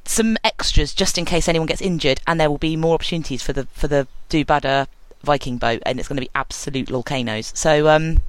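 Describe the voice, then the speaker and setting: A woman's voice: low voice, brisk, hardly any pauses, dry recording, low-quality recording. A woman hosting a podcast, chatting in a loose, joking, rambling way with lots of fillers. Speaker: podcast host. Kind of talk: casual podcast interview.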